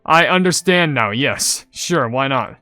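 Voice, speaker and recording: A young man casually commenting on his gameplay and reading viewer comments, chatty and rambling, getting loudly excited over loot. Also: mid-range voice, unhurried, no echo, faint music behind. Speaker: gaming channel host.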